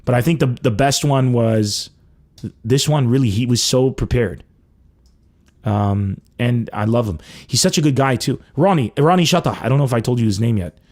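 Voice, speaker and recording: A young man hosting a comedy podcast, telling stories in a loose, animated way and swearing freely. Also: medium pitch, moderate pace. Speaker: podcast host. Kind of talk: casual comedic monologue.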